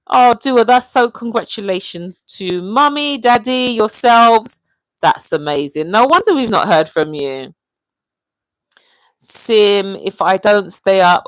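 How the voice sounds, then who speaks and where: A woman's voice: mid-range voice, dry recording, rough recording. Chatty woman hosting a livestream. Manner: chatty and animated, often calling out viewers' names. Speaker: livestream host. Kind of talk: casual livestream chat, reading viewer comments aloud.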